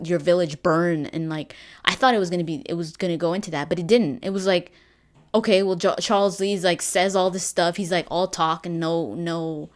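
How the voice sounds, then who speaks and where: Rambling, low-voiced woman gamer. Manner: rambling, lots of fillers and restarts, laughs. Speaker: gaming vlogger. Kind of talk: casual game review chat.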